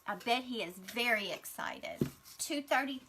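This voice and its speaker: A woman's voice: a little high, huge pitch swings, a little slow, background noise. A middle-aged woman, hosting a casual craft livestream and gushing to her viewers as she unpacks gifts. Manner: gushing, chatty, addresses viewers as y'all.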